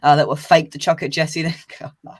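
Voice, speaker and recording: A man's voice: fairly high pitch, level tone, a little fast. Chatty English man hosting a football chat. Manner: chatty, laughs often, teasing. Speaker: host of a fan podcast. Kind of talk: casual football preview chat.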